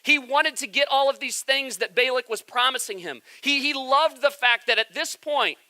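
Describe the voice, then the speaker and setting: A man's voice: very high-pitched, normal speed, bright, forceful tone. A man in his thirties preaching a sermon as pastor, telling stories in a conversational, humorous way.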